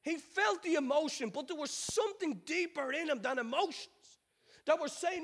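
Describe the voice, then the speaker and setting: With an extremely high, expressive and fairly bright voice at a moderate pace, a man delivers a sermon as pastor. Rhetorical questions and repetition shape his argument, and he performs the quoted lines of biblical figures.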